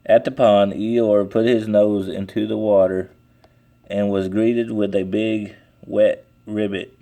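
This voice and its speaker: A man reading a children's storybook aloud in a slow, deliberate way. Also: on the low side, flat delivery, warm tone. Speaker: storybook reader. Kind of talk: children's book read aloud.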